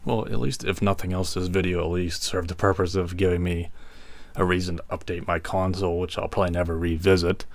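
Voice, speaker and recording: A man hosting a gaming video, chatting casually over gameplay with a relaxed, rambling manner and frequent fillers. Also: sits low, a little fast.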